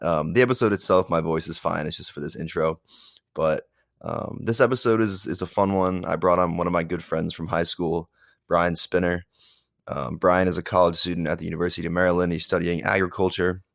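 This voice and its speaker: A young man hosting a podcast, talking casually with many fillers while sick and hoarse. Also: low voice, dry recording, studio quality. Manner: rambling, many fillers and restarts. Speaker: podcast host.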